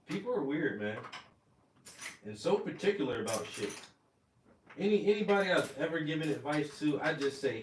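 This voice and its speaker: A man hosting a painting livestream, chatting casually in animated, profane, slangy stories. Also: a little high, moderate pace, long pauses, reverberant, far from the mic, a little hiss or hum. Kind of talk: casual chat while painting.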